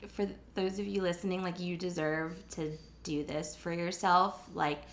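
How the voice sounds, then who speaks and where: A woman's voice: lowish voice, level tone, moderate pace. A young woman hosting a casual podcast chat, earnest and heartfelt, often laughing. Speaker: podcast host.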